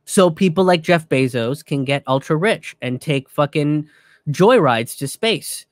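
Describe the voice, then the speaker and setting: A man rants in a casual, profane commentary, his voice sitting a little high for a man. He is animated and swears freely, recorded dry and close. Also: measured pace, no echo.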